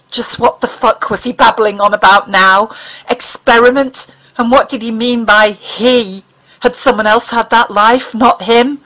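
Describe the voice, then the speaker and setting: A woman's voice: medium pitch, fairly even intonation, normal speed, a bit bright, rough recording. Woman narrating a dramatic audiobook. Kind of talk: dramatic fiction reading.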